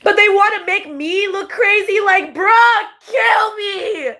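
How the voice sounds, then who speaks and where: A woman with a strikingly high, bright voice pours out a tearful, distraught vlog rant. She shouts through her crying and swears hard. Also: slow pace.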